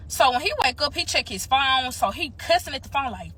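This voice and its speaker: A young woman telling a story to her viewers in a casual, animated way, swearing freely and talking straight to the audience. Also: on the high side, a little fast, hardly any pauses, breathy edge. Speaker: storytime vlogger.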